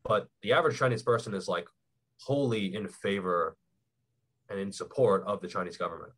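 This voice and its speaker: A young man explaining things in a relaxed, rambling way, with lots of fillers, as a podcast guest. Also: on the low side, fairly quick, husky. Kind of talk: casual chat.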